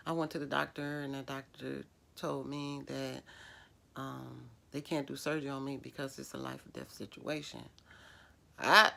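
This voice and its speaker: A woman's voice: rumbling low, creaky, a bit bright. A middle-aged woman, telling a personal story in a vlog, emotional and rambling with many fillers. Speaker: vlogger.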